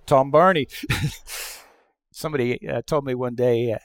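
A middle-aged male pastor delivering a conversational sermon, telling stories and acting out quoted lines, moving between hushed asides and loud exclamations. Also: medium pitch, fairly even intonation, normal speed, smooth, dry recording, clean studio sound. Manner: conversational storytelling with acted-out quotes.

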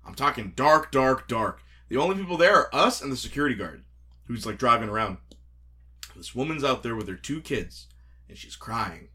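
A man, telling stories in a casual chat, animated and laughing as he acts out quotes. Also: medium pitch, normal speed, husky.

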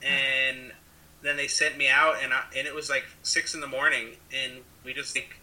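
A man's voice: mid-range voice, little pitch movement, moderate pace, pushed and bright, rough recording. A young man telling a story in casual chat, rambling with many fillers and acting out the people he quotes. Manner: rambling, filler-heavy, acts out quoted voices.

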